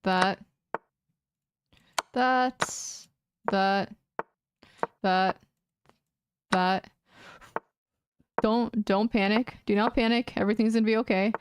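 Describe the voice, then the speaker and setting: A woman's voice: medium pitch, fairly even intonation, slow pace, pauses often, clean tone, dry recording. Anxious young woman muttering to herself. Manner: anxious self-talk, muttering and repeating words. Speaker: chess streamer. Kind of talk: casual live-stream commentary while playing.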